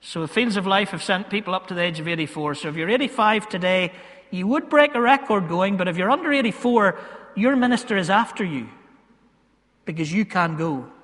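High, bright pastor preaching. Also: male voice, lively intonation. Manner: swings between loud emphasis and hushed, slow asides. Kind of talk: sermon. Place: church. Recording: long hall reverb.

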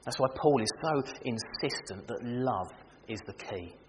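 A man preaching a sermon, animated and humorous, acting out everyday scenes to make his point. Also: medium pitch, a little slow. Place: church. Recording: reverberant church hall with faint noise.

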